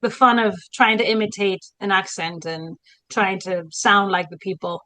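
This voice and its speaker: A woman's voice: medium pitch, steady tone, normal speed, pushed and bright, dry recording, poor audio. A woman from Spain, a historian co-hosting a casual podcast chat in a dramatic, theatrical way. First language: Spanish. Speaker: historian co-host.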